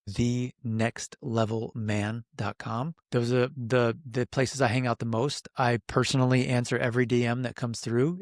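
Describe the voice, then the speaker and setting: A man's voice: mid-range voice, dry recording, studio quality. A men's coach, a man, talking earnestly in a casual podcast conversation, telling stories with emphasis and getting emotional.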